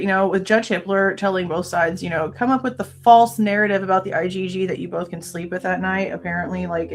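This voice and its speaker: Gravelly-voiced woman ranting on a livestream. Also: on the low side, slight background noise. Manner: exasperated, ranting, swears casually, thanks viewers. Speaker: true crime livestream host. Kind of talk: casual livestream reaction chat. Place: at home. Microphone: no headphones, desk mic.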